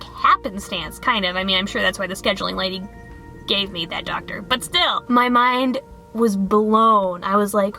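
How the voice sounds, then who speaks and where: A woman vlogging in a casual, chatty way, bubbly and rambling with quick restarts. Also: medium pitch, sharp tone.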